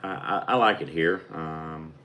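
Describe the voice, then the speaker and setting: A man's voice: very deep voice, unhurried, bright, forceful tone, slight background noise. A young man with an Arkansas Southern accent, co-hosting a casual livestream and speaking hesitantly, with many ums and restarts. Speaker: livestream co-host.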